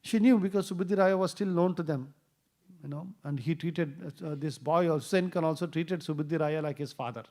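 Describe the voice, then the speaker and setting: A man tells a scripture story in a temple class. His voice sits fairly high, and it lifts when he acts out the characters' lines. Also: brisk, darkish tone. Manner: storytelling, acts out quoted dialogue with rising voice. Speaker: temple speaker. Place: temple hall.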